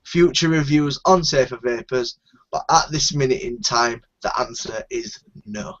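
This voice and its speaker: A man's voice: mid-range voice, unhurried, a bit bright. A man from northern England, host of a casual live group chat, talking bluntly and swearing freely. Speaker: show host. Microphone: video call. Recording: dull lo-fi online call audio.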